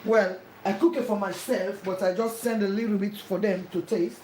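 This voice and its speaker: With a medium-pitched, steady voice, a dark tone and a normal pace, a woman demonstrates cooking at home and walks the viewer through each step, going over the instructions repeatedly. The kitchen sounds echoey, with frying in the background.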